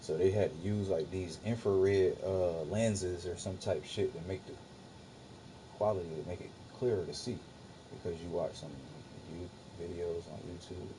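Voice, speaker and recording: A man's voice: deep voice, normal speed, background noise. A young man casually livestreaming, arguing with his chat in a profane, dismissive way.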